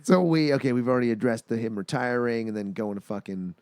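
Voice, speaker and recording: A man's voice: mid-range voice, fast talker, a little mellow, clean tone, no echo, studio quality. A man co-hosting a casual podcast, cracking jokes and swearing while riffing on a movie. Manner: joking, swearing, goofy bits. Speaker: podcast co-host.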